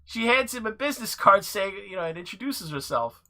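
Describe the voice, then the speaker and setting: A man giving casual commentary over clips, halting and restarting with dry laughs. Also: high-pitched, very animated, sharp tone.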